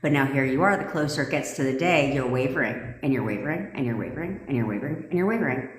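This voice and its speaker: Blunt, low-voiced woman coach in an echoey room. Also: animated, quick pace, a little hiss or hum. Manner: blunt and profane, laughs often. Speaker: manifestation coach. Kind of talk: casual livestream talk. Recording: echoey room with long reverb.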